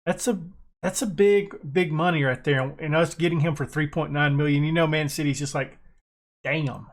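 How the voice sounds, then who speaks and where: American guy, gaming commentary, excitable, self-mocking, a bit high-voiced. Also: brisk. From United States. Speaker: gaming YouTuber. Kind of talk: casual gameplay commentary.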